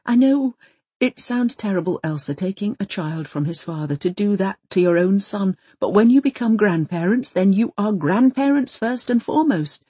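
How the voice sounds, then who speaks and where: A woman voicing a gentle, sorrowful elderly man in an audiobook. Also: mid-range voice, expressive, moderate pace, slightly rough, dry recording. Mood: sad.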